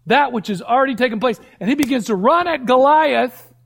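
A man preaching a sermon in an emphatic question-and-answer manner, dropping at times to a low hush. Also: animated, fairly quick, creaky.

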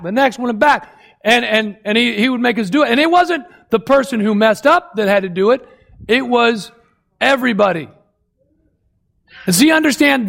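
A man's voice: very high-pitched, vocal fry, fairly bright tone. A man preaching a sermon, emphatic and repeating key phrases for effect. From United States. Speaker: pastor.

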